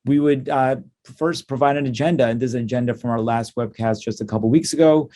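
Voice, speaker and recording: A man, a clinician, giving a conference talk, halting with many ums and uhs, upbeat in tone. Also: mid-range voice, mellow, slight background noise. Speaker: cystic fibrosis clinician presenting at a conference.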